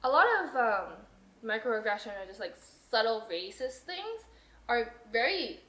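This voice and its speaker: A woman's voice: fairly high pitch, animated, a little slow, pushed and bright. A young woman hosting a podcast in casual chat, telling stories with a lot of energy, swearing freely and acting out what other people said. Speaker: podcast host. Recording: roomy echo.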